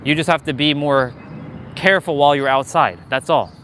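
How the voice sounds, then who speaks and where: A man speaks a little fast in a slightly high, fairly bright voice, with a little hiss or hum in the recording. He's live-streaming as he walks outdoors with a handheld gimbal camera, keeping it casual. He talks candidly and motivationally, swearing often.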